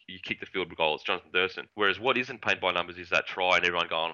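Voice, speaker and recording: A man's voice: sits low, fast, pushed and bright, highs cut off. A man, a former rugby league winger, rambling in casual chat and swearing now and then. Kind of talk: casual sports podcast chat.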